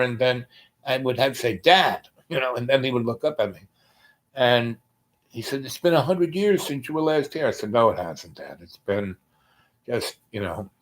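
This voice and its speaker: Male host, relaxed storyteller; hesitant, restarting delivery, quieter when quoting. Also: mid-range voice. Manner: rambling, hesitant, with many ums and restarts. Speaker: podcast host. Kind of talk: casual personal storytelling.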